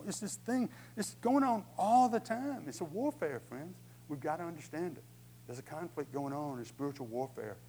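A man's voice: a little high, warm tone, a little hiss or hum, low-quality recording. A man preaching a sermon in a conversational way, acting out inner voices with humor. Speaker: pastor.

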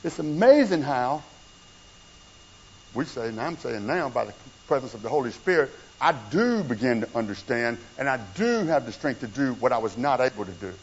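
A male pastor preaching a conversational sermon, swinging between hushed low passages and raised emphatic ones. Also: very animated, moderate pace, slight background noise. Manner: conversational preaching with wide swings in pitch and loudness. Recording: dull lo-fi church recording with faint room sound.

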